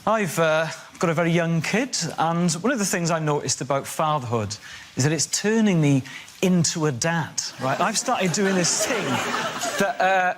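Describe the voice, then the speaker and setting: A man in his thirties doing a stand-up routine, animated and bursting into shrill character voices. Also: moderate pace, a faint crowd, a little hiss or hum. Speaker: comedian.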